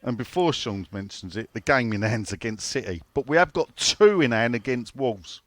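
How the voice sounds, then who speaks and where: A man talks casual football banter at a middle pitch. He swears freely and reads listener questions aloud. The sound is dry and close, with almost no room echo. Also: expressive, normal speed. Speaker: podcast co-host.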